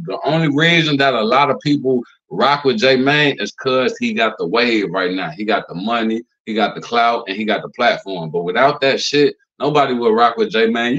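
A man in the middle of a loose, profane commentary rant, leaning on fillers like "you know" and "like" as he goes. His voice sits in an ordinary male pitch, and the recording comes through a little dull and lo-fi. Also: fairly bright tone. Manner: acts out quotes in a higher voice. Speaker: commentary channel host.

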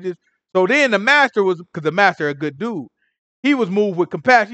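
Male Bible teacher, high voice, dry close sound, slangy and animated retelling. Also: normal speed, creaky, no echo. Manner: street slang, acts out characters, animated. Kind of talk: casual sermon retelling scripture.

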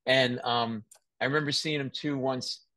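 A man hosting a podcast, telling lively stories in casual chat, laughing often and mimicking voices. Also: medium pitch, moderate pace, no echo. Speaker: podcast host.

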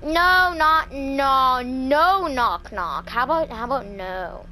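High, lively woman gaming streamer. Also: takes it slowly, a little hiss or hum, low-quality recording. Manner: excitable, jumpy, screams when startled; talks to herself and the game. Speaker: gaming channel host. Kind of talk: let's play commentary.

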